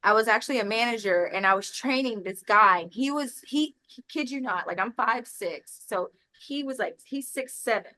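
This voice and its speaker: A woman's voice: fairly high pitch, normal speed, rough recording. A woman with a Texan accent, a podcast guest who tells a story casually and acts out the people in it. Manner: animated, acts out voices in her stories with laughs. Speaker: podcast guest, roofing business owner.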